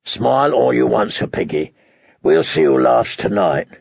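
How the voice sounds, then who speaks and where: A man plays a spiteful, bitter dog handler in a storybook reading. He talks with scorn and a gravelly rasp, threats said slowly. The sound is dry and dull. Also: a little high, lively intonation, dry recording, full character voice. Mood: sneering, bitter. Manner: sneering, scornful.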